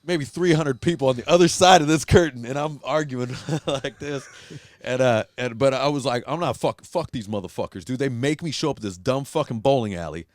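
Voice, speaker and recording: A man's voice: mid-range voice, a little fast, dry recording, clean studio sound. A man hosting a casual podcast, telling a rowdy story with lots of swearing and acted-out quotes. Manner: profane, animated storyteller acting out quotes. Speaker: podcast host.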